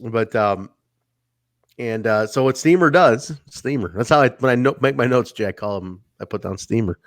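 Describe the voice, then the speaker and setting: A man's voice: medium pitch, normal speed, dry recording, studio quality. A man co-hosting a casual wrestling review podcast, laughing often and acting out what wrestlers said. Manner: animated, laughs often, acts out quotes. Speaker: podcast co-host.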